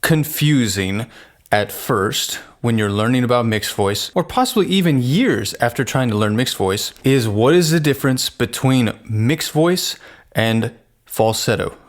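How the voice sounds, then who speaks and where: A man teaching singing, explaining plainly and breaking into sung falsetto demonstrations. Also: expressive, measured pace. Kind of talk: vocal lesson with sung demonstrations.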